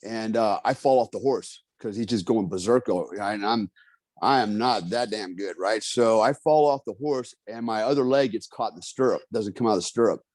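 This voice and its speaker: A man's voice: fairly low pitch, normal speed, no room sound, clean studio sound. A man telling a story in a casual interview, swearing freely and acting out the voices of the people in it. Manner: profane, animated, acts out quotes. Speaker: guest.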